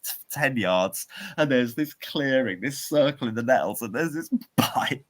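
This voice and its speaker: A man's voice: mid-range voice, animated, measured pace, a bit bright. A man, co-hosting a podcast and telling a rambling story with laughs and restarts. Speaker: podcast co-host. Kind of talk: casual chat, storytelling.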